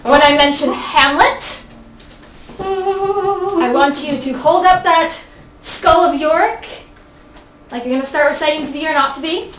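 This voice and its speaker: Young female host, high pitched, playful and chatty, reads aloud with restarts; echoey room recording. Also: measured pace, pauses often, a bit bright. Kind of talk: casual study group reading. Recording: echoey room, faint background hiss.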